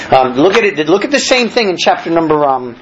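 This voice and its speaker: A man preaching a sermon with a lively, swooping delivery, reading verses and then unpacking them in everyday talk. He restarts his phrases often as he explains. The recording is a little dull, with faint noise behind him. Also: fairly high pitch, normal speed. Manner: reads scripture aloud then explains it in plain talk; frequent fillers and restarts, conversational preaching. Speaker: pastor.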